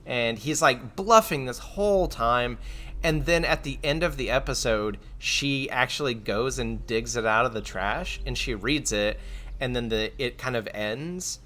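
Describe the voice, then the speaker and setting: A man's voice: mid-range voice, unhurried, bright, forceful tone. Rambling young man streamer chatting. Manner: rambling, lots of likes and restarts, laughing. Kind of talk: casual chat.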